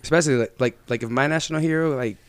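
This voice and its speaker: A man chatting casually on a podcast, swearing freely and bantering in an animated way. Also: on the high side, racing, clean tone, no room sound. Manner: profane, animated, agreeable banter.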